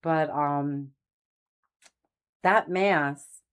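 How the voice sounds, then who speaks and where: A middle-aged woman with a low voice tells a personal faith story in a relaxed, rambling way. She circles back on herself often, with plenty of fillers and restarts, and talks earnestly to her viewers. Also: very slow, clear, resonant tone. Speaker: channel host telling faith stories. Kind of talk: casual testimony monologue.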